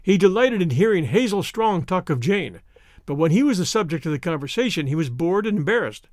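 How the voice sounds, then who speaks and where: A man narrating a storybook with an expressive, storytelling delivery. His voice sits high and moves around a lot, and the recording is dry and close with no room sound. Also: brisk, no echo. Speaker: audiobook narrator. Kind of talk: scripted narration.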